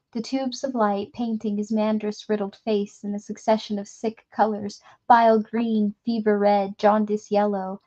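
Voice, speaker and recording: A woman reading a novel aloud in a steady storytelling manner, stumbling now and then. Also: medium pitch, highs cut off. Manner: steady storytelling with occasional slips. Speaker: reader.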